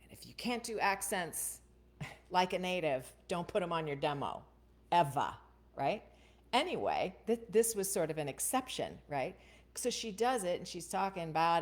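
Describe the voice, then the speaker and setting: A woman's voice: deep voice, expressive, normal speed. A woman hosting a voiceover Q&A, chatting casually and often checking in with "right?". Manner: chatty, keeps asking "right?". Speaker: voiceover coach and host. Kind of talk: casual Q&A livestream.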